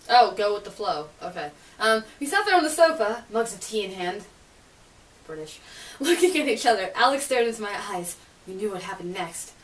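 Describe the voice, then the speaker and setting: A woman's voice: mid-range voice, a bit bright. A young woman vlogging casually, chatty and giggly, with sarcastic asides while reading aloud. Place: bedroom, spinning in a chair. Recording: roomy, distant, faint hiss.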